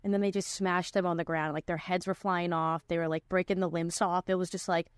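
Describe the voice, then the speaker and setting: A woman's voice: fairly low pitch, little pitch movement, a little fast, clear, resonant tone, no room sound, studio quality. Chatty young woman hosting a podcast. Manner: chatty, lots of "like" fillers. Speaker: podcast host. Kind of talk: casual chat.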